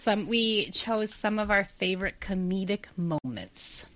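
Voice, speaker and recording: Dry-voiced animated woman podcast co-host. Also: medium pitch, a little slow, no room sound. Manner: animated, laughs often. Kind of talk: casual podcast chat.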